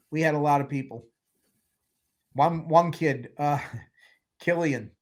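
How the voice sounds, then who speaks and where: A man in a casual interview, telling lively stories about making films and acting out what people said. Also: mid-range voice. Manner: animated storyteller, acts out quotes, laughs often. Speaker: film producer guest.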